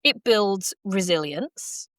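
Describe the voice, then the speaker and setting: Woman, podcast host, casual chat, fillers, mid pitch, dry recording. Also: lively intonation, slow pace, fairly bright tone, dry recording. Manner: chatty, laughs often, many fillers. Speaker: podcast host and horsemanship coach. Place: at home in front of a laptop. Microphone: laptop podcast mic.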